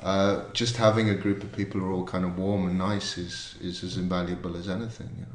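A man's voice: sits low, level tone, fairly quick, roomy sound, a little hiss or hum. Hesitant man reading aloud. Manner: hesitant, self-deprecating. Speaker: comedian and novelist. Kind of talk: workshop discussion and reading aloud.

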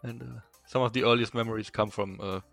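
A young man from Eastern Germany with a strong German accent, a native German speaker, chatting as a podcast guest and telling stories haltingly with many fillers. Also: medium pitch, fairly even intonation, creaky, fairly bright tone, no echo, soft background music. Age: young adult. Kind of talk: casual interview chat.

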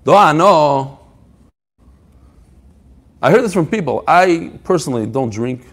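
A man giving a Talmud lesson with a high, lively voice that swings widely in pitch. He talks emphatically, reading out passages and explaining them in casual English. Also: a little slow. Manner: animated, emphatic, mixing Hebrew-Aramaic quotes with English explanation. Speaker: Talmud teacher. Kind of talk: Talmud class lecture.

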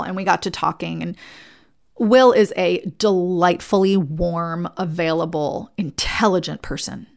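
A woman's voice: fairly low pitch, vocal fry. A woman who is a licensed therapist, giving an earnest, conversational talk to fellow therapists and telling stories along the way.

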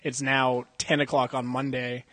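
A man's voice: medium pitch, flat delivery, a little slow, fairly bright tone, no echo. A young man co-hosting a podcast at a jiu-jitsu gym, telling rambling, profane stories in a casual chat and laughing often. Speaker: podcast co-host. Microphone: podcast mic.

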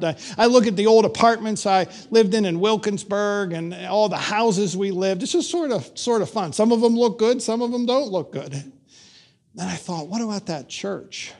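An older male pastor telling a story in a sermon, slow and measured with dramatic pauses. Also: high-pitched, expressive, darkish tone.

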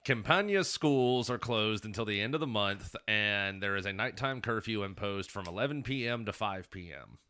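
A man's voice: lowish voice, animated, normal speed, hardly any pauses, bright, forceful tone, smooth. A man hosting a podcast, telling stories in rambling, profane casual chat and laughing often. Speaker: podcast host.

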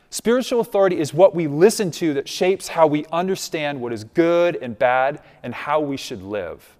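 Pastor guy preaching, really animated up and down, chatty, long church-hall echo. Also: on the high side. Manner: conversational, asks the congregation "right?". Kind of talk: sermon. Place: church sanctuary. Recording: long reverb of a large hall.

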